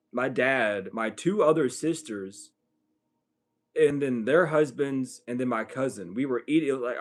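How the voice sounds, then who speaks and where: Blunt, profane man ranting. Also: mid-range voice. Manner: blunt, profane, rising to heated outbursts. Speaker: livestream host. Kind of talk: casual late-night monologue.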